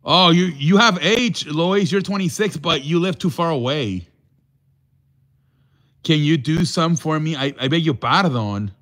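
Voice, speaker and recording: A man's voice: a little high, a little slow, fairly bright tone. A man hosting a casual live show, joking and mock-offended with callers, sprinkling in Spanish words. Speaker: show host.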